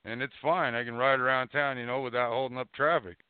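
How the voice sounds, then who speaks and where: A man's voice: mid-range voice, fairly even intonation, quick pace, smooth, dry recording. Heated cursing man, thin phone-like sound. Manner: profane, heated storyteller. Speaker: podcast co-host. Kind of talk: casual chat. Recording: dry, phone-like tinny audio.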